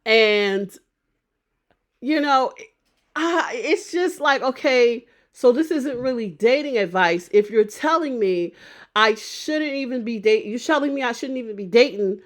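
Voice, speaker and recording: A woman's voice: on the high side, expressive, unhurried. A woman vlogger giving casual opinion commentary, thinking aloud and often restarting and repeating phrases.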